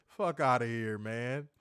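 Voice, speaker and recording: A man's voice: mid-range voice, dry recording, studio quality. Joking, swearing man reviewing wrestling. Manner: loose, joking, reads chat comments, summarizes show. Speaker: podcast co-host reviewing wrestling. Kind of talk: casual profane review chat.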